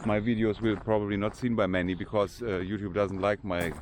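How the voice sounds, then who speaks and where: Older german guy rambling on a cemetery walk, really low voice, faint outdoor noise. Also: little pitch movement, brisk. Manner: chatty, rambling, unpolished English. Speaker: vlogger. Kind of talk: casual walking vlog.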